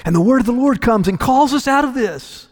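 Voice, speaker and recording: A man with a high, light voice preaching a sermon, driving home his points with emphatic repetition. His words ring out with a long hall reverb, as in a large church sanctuary. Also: expressive, a little fast, a little mellow. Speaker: pastor.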